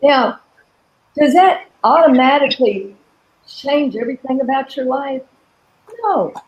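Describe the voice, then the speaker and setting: A middle-aged woman coaching an online audience, her voice sitting a bit high. She talks earnestly and explains each step of an affirmation exercise. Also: measured pace, muffled recording. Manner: earnest, repeats affirmations with shifting emphasis. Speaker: coach and host. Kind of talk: live coaching webinar talk.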